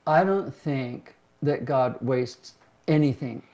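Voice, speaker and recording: An older man who works as a pastor and host tells personal stories in a slow, medium-pitched, somewhat dark voice. His casual storytelling is reflective and self-deprecating, and he brightens into livelier tones whenever he acts out what others said.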